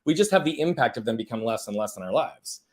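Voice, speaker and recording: A man hosting a live-streamed coaching interview, effusive and affirming, warmly praising his guest. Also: medium pitch, expressive, fast. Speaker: host.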